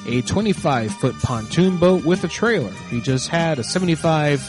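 Laid-back profane man, fairly high voice. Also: expressive, normal speed, music in the background. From Tennessee. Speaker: prank call radio host. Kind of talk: crude prank call comedy.

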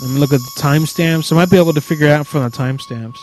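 A man from Puerto Rico runs a prank call on his livestream, swearing crudely and breaking into loud, angry outbursts. His voice sits a bit high for a man. Faint music plays in the background. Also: rapid-fire, rough recording. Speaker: prank caller and streamer.

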